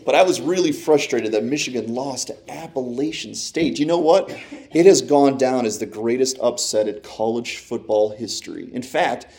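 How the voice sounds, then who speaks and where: A man telling a personal sports anecdote in a lively way, acting out his own past reactions as he goes. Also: mid-range voice, normal speed. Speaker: storyteller.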